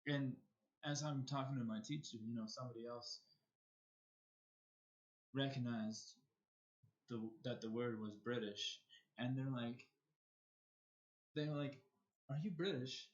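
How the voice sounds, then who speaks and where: A man's voice: mid-range voice, steady tone, highs cut off. An American man casually telling a personal story on a live stream, stumbling and repeating words as he goes. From United States. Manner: halting, repeats words and restarts often.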